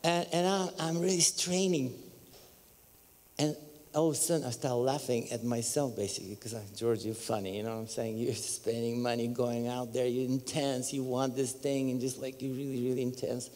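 A man with a Bulgarian accent telling his testimony as a preacher, animated and storytelling, breaking into high exclamations and laughter. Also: normal speed, big-room sound. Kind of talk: testimony sermon. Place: large church hall.

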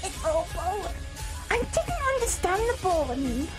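Very high, lively excitable woman streamer. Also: a little slow. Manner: loud, excitable, swearing. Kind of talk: casual livestream chat. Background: music.

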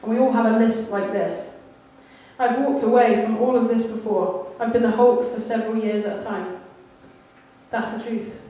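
A woman's voice: a little high, steady tone, normal speed, warm tone. A woman giving a sermon, telling a candid, self-deprecating story about her childhood. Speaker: church speaker. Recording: echoey hall, mic at a distance.

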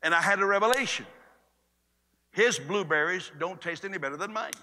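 A man preaching a sermon in a conversational way, swinging between loud and hushed delivery. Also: sits high, brisk, slight background noise. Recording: long reverb of a large hall.

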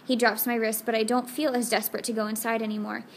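A woman's voice: a little high, flat delivery, fast, slight background noise. A woman reading a first-person audiobook in an earnest, intimate storytelling manner. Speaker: audiobook narrator. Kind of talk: scripted first-person narration.

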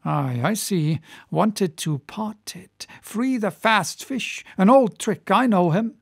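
A man voicing a gruff, obsessed old one-legged sea captain who speaks in a blustery, bellowing way, in an audiobook reading. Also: sits high, slow pace, heavily acted. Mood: fierce.

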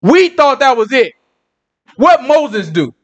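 Conversational male preacher, dramatic storyteller, very high, animated voice. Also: slow. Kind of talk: casual sermon storytelling.

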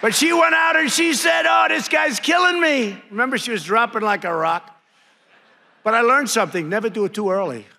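A septuagenarian man rallies a crowd in a large conference hall from a podium microphone, mocking and boasting, repeating his punchlines and throwing out nicknames. His high voice comes across creaky, pushed and bright, moving a little fast. Hall reverb and crowd and room noise surround him.

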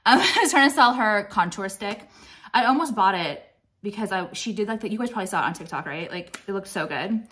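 A woman's voice: medium pitch, expressive, a little fast, a bit bright. A woman in her late thirties, chatting through a makeup tutorial in a blunt, profane, rambling way, a little out of breath. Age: late 30s. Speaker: beauty vlogger. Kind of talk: casual makeup tutorial chat.

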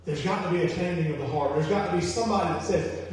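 A male pastor delivers a sermon in a high voice, talking to his congregation in a loose, conversational way and doubling back on his phrases. He sounds far from the mic, with long church reverb carrying his words. A faint hiss sits under the recording. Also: fast talker, hardly any pauses, a little mellow. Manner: conversational preaching with repetitions, acts out quoted voices. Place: church sanctuary.

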